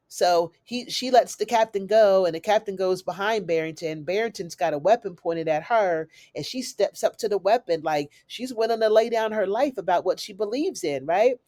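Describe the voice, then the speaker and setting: Lady chatting thru a tv recap, animated, dry close sound. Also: mid-range voice, brisk, few pauses, no room sound. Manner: chatty, animated retelling with "honey" and "y'all". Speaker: recap host. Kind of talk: casual TV recap.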